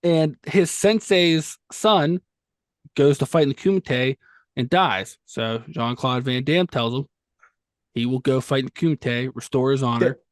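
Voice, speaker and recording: A man co-hosting a podcast, telling the plot of a movie in a lively, joking way. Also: medium pitch, normal speed, no room sound, clean studio sound. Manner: animated storyteller, recaps plots with vivid jokes. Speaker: podcast co-host. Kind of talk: casual movie-review chat.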